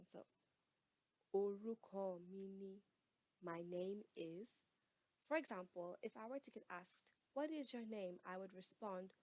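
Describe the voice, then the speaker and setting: A woman teaching a casual spoken language lesson, patiently repeating each word slowly for learners. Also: mid-range voice, no echo.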